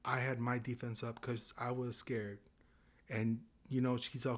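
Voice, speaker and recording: A man's voice: medium pitch, moderate pace. A man in his fifties from Southern California, a guest telling stories casually and acting out the dialogue. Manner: animated, acts out dialogue in changing voices. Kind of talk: casual storytelling.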